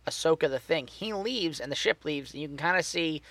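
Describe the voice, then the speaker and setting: A man's voice: on the high side, expressive, a little fast, fairly bright tone. A man co-hosting a casual podcast, animatedly retelling scenes, acting out dialogue and laughing often. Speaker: podcast co-host. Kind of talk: casual chat recapping a TV show.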